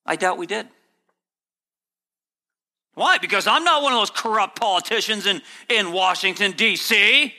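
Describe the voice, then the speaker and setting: Male pastor, high sharp voice, sermon with sarcastic mock quotes. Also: lively intonation, normal speed, long pauses. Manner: preaching, swings between low earnest and high sarcastic mock quotes. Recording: long hall reverb.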